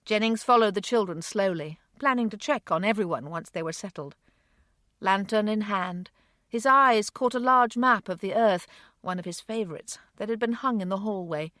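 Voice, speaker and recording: A woman narrating a romance novel audiobook in a calm storytelling manner. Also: mid-range voice, moderate pace, dry recording, clean studio sound.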